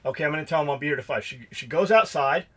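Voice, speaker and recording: A man's voice: a little high, racing, a bit bright, husky. A middle-aged man co-hosting a podcast, telling profane shop stories in casual chat and acting out both sides of the dialogue. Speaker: podcast co-host and shop owner.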